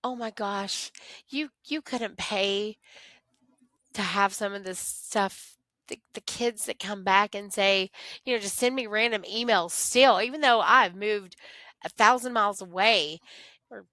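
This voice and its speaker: Woman teacher, heartfelt and animated, close dry mic. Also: medium pitch, a little slow, no room sound. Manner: earnest, animated storytelling, acts out voices of kids. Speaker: teacher, podcast guest. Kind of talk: casual interview chat.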